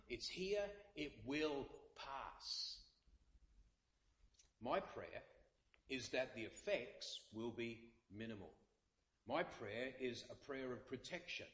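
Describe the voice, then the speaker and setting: A man's voice: medium pitch, fairly bright tone, roomy sound. A male pastor, possibly, delivering an earnest sermon with many repeated phrases. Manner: earnest, repetitive preaching with dramatic quotes.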